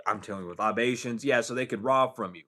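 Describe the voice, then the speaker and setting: Guy doing a loose tarot reader vlog, cusses a lot, laughs between thoughts, swings from loud to hushed. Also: medium pitch, fast. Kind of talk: casual spiritual vlog monologue.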